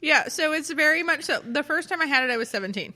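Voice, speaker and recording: Casting: young woman co-host, a touch high-pitched and bright, chatty, filler-heavy. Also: lively intonation, quick pace. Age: young adult. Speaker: podcast co-host. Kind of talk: casual chat.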